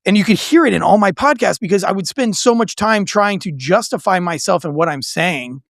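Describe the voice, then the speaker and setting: Man with a high voice, blunt, emphatic, joking, dry close recording. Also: lively intonation, fairly quick, gravelly, no echo. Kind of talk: casual podcast chat.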